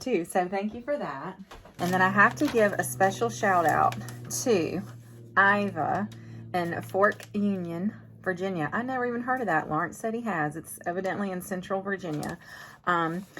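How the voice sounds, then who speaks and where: A middle-aged woman chats casually with viewers about farm family life in a lowish, slightly bright voice, with a little hiss or hum in the recording. Her heartfelt, chatty vlog talk drifts into emotion.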